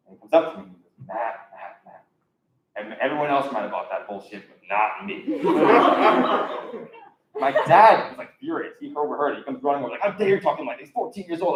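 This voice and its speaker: Young man doing rambling stand-up. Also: mid-range voice. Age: young adult. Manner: casual, rambling delivery with frequent ums. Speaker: student stand-up comedian. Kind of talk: live stand-up comedy set. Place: live comedy show in an echoey room. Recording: echoey, dull lo-fi room recording.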